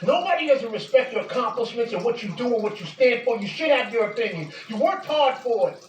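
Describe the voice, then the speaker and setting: Woman, high voice, furious accusatory rant, echoey room, distant mic. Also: animated, fairly quick, a little hiss or hum. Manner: heated, accusing, repeats insults, sometimes shouts. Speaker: vlogger addressing a public figure. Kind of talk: angry direct-to-camera rant.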